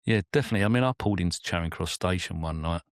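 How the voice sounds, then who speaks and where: A lower-pitched man chats casually as a podcast co-host. He tells cab-driving stories and slips into passengers' voices as he goes. The sound is close and dry. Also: very fast, no echo. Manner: anecdotal storyteller, acts out passengers' lines. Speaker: London cab driver, co-host.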